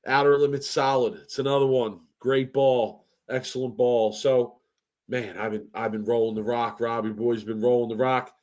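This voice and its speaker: A man's voice: mid-range voice, steady tone, normal speed, dark tone. A man co-hosting a casual podcast, his voice sitting in an ordinary middle range for a man. He brags and trash-talks in a playful, joking way. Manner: boastful, playful trash talk. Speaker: podcast co-host. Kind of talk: casual chat.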